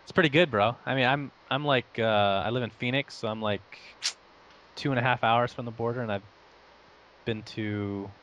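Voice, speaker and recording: A man's voice: mid-range voice, fairly even intonation, normal speed, a bit bright, a little hiss or hum. A young man who grew up in Saudi Arabia and the United States, talking casually as an interview guest. He rambles, pokes fun at himself and laughs often. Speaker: interview guest, esports caster.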